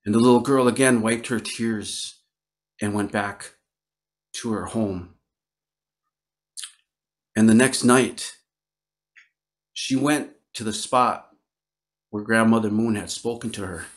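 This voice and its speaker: A man from Northern Wisconsin telling a traditional story aloud, slow and gentle, with repetitions and pauses. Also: lowish voice. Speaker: Ojibwe storyteller. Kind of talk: oral storytelling. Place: online virtual event.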